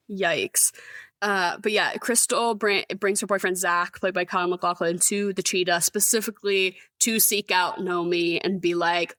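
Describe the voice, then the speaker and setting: A woman's voice: on the low side, a little slow, no room sound. A woman co-hosting a podcast, casually and animatedly recapping a movie with frequent laughs. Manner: chatty, animated, laughs often. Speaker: podcast co-host. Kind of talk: casual chat recapping a film.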